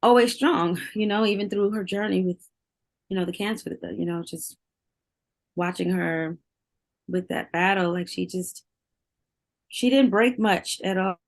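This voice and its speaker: A woman's voice: mid-range voice, a little slow, pauses often. A middle-aged woman speaking candidly and emotionally in an interview, often repeating words and laughing. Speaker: interview guest, singer.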